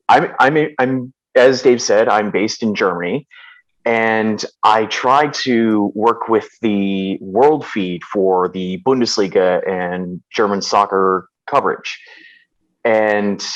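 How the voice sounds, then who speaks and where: A man's voice: fairly low pitch, highs cut off. An American man, a soccer commentator, asking a hesitant question with many ums over a video call. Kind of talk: question in an online Q&A.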